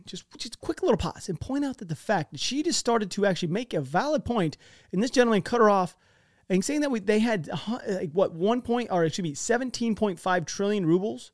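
A man's voice: sits high, a little mellow, no room sound, clean studio sound. Chatty American man rambling over maps. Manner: rambling, chatty, many restarts. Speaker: war-map commentator. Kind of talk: casual commentary over maps.

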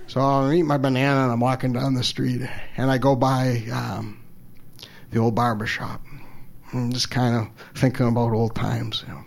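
A man telling a personal story, halting and stammering, openly emotional and self-deprecating. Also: mid-range voice, flat delivery, creaky. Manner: halting, stammers and repeats words. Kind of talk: personal story told live.

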